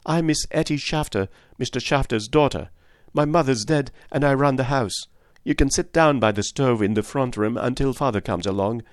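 A man reading an audiobook voices a shy young woman with a slight German accent who speaks gently and politely. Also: medium pitch, normal speed, few pauses, dry recording, studio quality, pitched above the performer's own voice, lightly acted. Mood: welcoming. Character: young woman innkeeper's daughter, shy, gracious.

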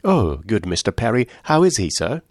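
A man voicing an eager, affectionate young mother who chats warmly. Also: fairly low pitch, big pitch swings, normal speed, no echo, studio quality.

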